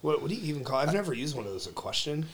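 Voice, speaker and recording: A man hosting a podcast, opening loudly and energetically, then trading jokes in casual chat with his co-host. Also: a little high, big pitch swings, rapid-fire. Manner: hyped, loud show intro then joking banter.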